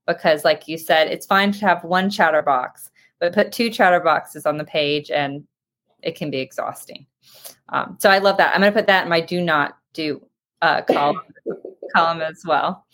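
A woman's voice: low voice, normal speed, fairly bright tone. A woman hosting a webinar and reading out audience questions, speaking hesitantly with many filler ums. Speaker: host. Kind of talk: moderating a webinar Q&A.

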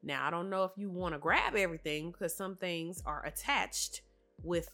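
A woman's voice: fairly low pitch, animated, moderate pace, pushed and bright, faint music behind. A woman hosting a solo motivational talk, speaking earnestly and directly to her listeners, her voice a bit nasal and congested from a cough. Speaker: podcast host.

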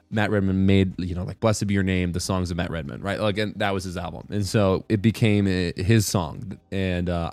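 Low-voiced man rambling about worship. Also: darkish tone, no echo. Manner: rambling, self-correcting, keeps asking "right?". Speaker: worship music commentator. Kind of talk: casual devotional talk.

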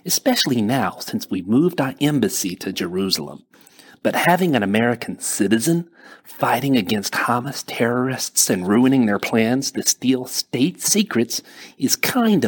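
A man's voice: mid-range voice, husky. A man voicing a businesslike female embassy official with a nasal New Jersey accent.

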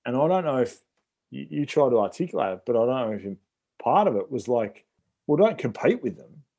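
A man's voice: medium pitch, expressive, quick pace, vocal fry, mellow. A man chatting casually about sport, with lots of "like" and "you know".

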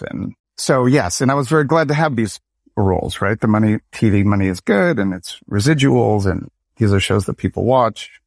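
A middle-aged American man speaks in a low, even register, recalling his acting career in a thoughtful interview. His delivery is reflective and sometimes acts out little quoted exchanges. The sound is close and dry, with no room around it. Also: dry recording. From Michigan, United States. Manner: reflective, storytelling with quoted dialogue. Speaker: guest, actor and educator. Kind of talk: conversational interview.

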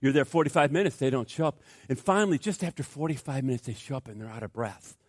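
A man's voice: mid-range voice, quick pace, few pauses, dry recording, studio quality. A male pastor preaching a sermon, telling stories animatedly with stammering restarts.

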